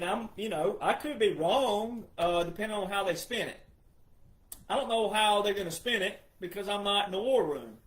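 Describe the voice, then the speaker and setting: A man hosting his own show, giving an opinionated, scornful monologue that swings from low mutters to loud outbursts. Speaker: political commentator host. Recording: echoey room.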